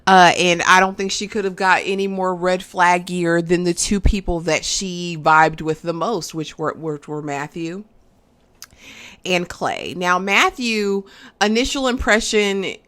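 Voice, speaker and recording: A woman's voice: lowish voice, unhurried. Chatty woman reviewing a reality show. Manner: chatty, animated, asks the viewer "okay?". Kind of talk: casual recap and review.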